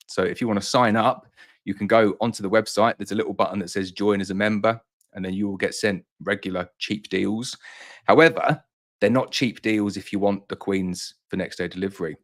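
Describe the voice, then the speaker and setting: A man who runs a beekeeping business, answering viewer questions in a casual live-stream chat, slightly out of breath and reassuring in manner. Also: fairly low pitch. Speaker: beekeeper and honey business owner hosting a live Q&A.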